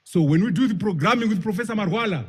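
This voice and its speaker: Speaking fast in a high, slightly mellow voice, a man gives an emphatic speech at a public forum, with a little hiss or hum in the audio. He repeats key phrases, elongates words to stress them, and asks his listeners rhetorical questions.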